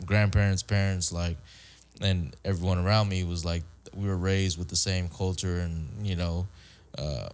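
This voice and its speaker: Guy from guam on a podcast, lowish voice, lots of ums, swears easy. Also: steady tone, moderate pace, darkish tone. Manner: rambling, hesitant, swears casually. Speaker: podcast host. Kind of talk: casual podcast chat.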